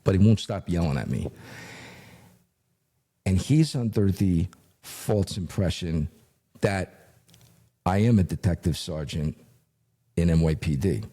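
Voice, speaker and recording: Speaking unhurriedly and leaving long pauses, a middle-aged man with a husky, low, dark voice shares a tale from his career. He's a retired investigator on as a guest, talking in a loose, lively way packed with fillers and performing the voices of the story's characters.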